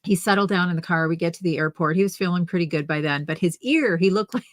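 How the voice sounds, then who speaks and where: Older woman, low and dry. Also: fast talker, no echo. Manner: chatty storyteller, restarts and acts out quotes. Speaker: co-host of a knitting livestream. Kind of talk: casual chat, telling a family story.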